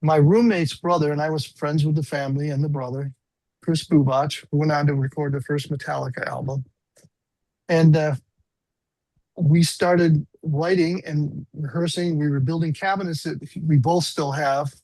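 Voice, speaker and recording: Gravelly older man telling stories. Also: a little high, fairly even intonation, normal speed, a little mellow, no room sound, poor audio. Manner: rambling, self-deprecating anecdotes. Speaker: guest musician. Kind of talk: casual storytelling interview.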